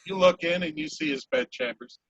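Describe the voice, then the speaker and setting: A man narrating a tabletop game as game master, in a playful, animated way. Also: fairly quick, dry recording, muffled recording.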